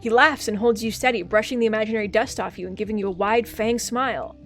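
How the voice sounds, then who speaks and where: Excitable woman streamer reading a game. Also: on the high side, fast, faint music behind. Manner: excitable, gushing, swears casually.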